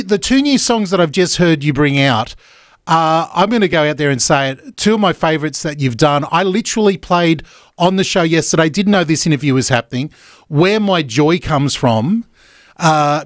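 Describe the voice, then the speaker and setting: A man's voice: a little high, no echo, clean studio sound. Joking Australian man hosting radio. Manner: energetic, joking, stumbling restarts. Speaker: radio host. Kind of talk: casual radio chat. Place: radio studio.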